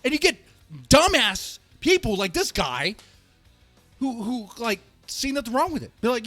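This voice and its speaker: A man's voice: very high voice, very animated, measured pace, dry recording, faint music behind. Heated, emphatic ranting man. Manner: heated and emphatic, rising to shouts, with repeats and restarts. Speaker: host of a reaction and rant channel. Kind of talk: ranting political commentary.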